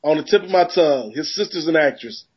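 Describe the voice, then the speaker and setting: A man co-hosting a casual sports podcast, joking and rambling through animated riffs. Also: on the high side, fast talker, husky. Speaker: podcast co-host. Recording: dull lo-fi podcast audio.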